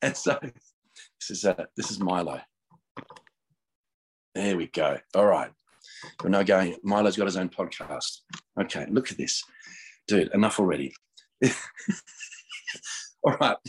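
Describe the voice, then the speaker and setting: Excitable man praying and laughing. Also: low voice, a little slow, pauses often, rough recording. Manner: excitable, laughing often, repeats words. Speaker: podcast guest. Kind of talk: casual spiritual chat and prayer.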